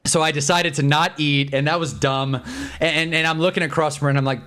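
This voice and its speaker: Young adult male streamer, higher-pitched voice; casual, profane, exasperated rambling storytelling. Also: fairly quick. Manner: animated and exasperated, swears freely, rambles with restarts. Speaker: live streamer.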